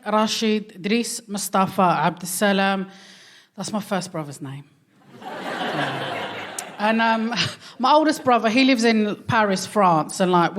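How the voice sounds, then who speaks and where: London woman doing stand-up on stage, slangy and cheeky, pokes fun at herself, mid-pitched voice. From Hackney, London. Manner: cheeky, slangy and self-mocking. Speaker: stand-up comedian and co-host. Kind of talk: stand-up comedy. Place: London theatre stage before a live audience.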